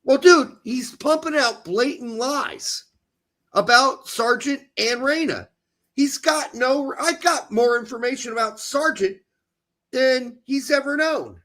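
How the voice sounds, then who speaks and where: A man co-hosting a casual soccer chat, ranting and mocking claims in quick sarcastic bursts. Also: very high-pitched. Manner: animated, ranting, sarcastic mimicry. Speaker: podcast co-host.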